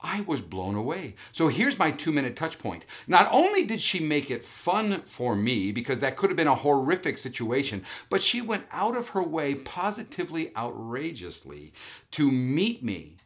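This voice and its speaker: A man hosting a podcast, telling a story in an animated way and acting out the dialogue. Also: on the high side, normal speed. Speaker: podcast host. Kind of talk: storytelling monologue.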